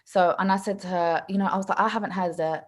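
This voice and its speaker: A young female podcast co-host talks fast in a mid-range voice. In easygoing conversation she tells animated stories, bursts into frequent laughter, and acts out other people's quotes.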